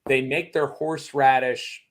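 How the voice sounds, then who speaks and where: Man, guest in a casual chat, animated storyteller who acts out quotes, middle pitch. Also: unhurried. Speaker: racing series guest.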